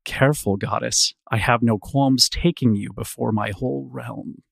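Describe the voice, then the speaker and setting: A podcast reader voicing a brooding, possessive male underworld god in a slow, low, seductive tone. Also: vocal fry, very noisy. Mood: menacing. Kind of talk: reading a novel passage aloud on a podcast.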